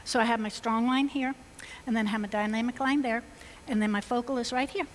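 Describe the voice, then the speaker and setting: A woman's voice: on the high side, fairly even intonation, fairly quick, slight background noise. A woman with a Georgia Southern accent demonstrating floral designs on stage, chatty and enthusiastic in a folksy way. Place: stage at a symposium in a large hall. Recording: long reverb of a large hall.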